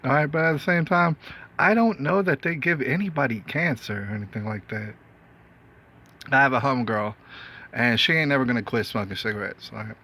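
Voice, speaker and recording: A man's voice: medium pitch, brisk, pushed and bright. A man delivers a solo monologue for his own show. He wanders from point to point, filling gaps with "uh" and "you know," and keeps checking in with rhetorical questions. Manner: meandering, frequent fillers and rhetorical questions. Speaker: host. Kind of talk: casual monologue.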